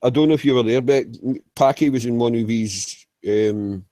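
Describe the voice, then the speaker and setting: A chat room regular in a casual online group voice chat, this man has a mid-range, mellow voice at a moderate pace with no echo. He swears freely, laughs a lot, and rambles, restarting as he goes.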